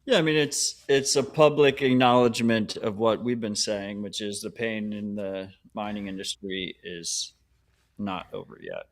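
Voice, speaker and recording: A man co-hosting a podcast who answers in blunt, short remarks and then talks the point through. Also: fairly low pitch. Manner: blunt, quick short replies. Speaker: podcast co-host. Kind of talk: casual news chat.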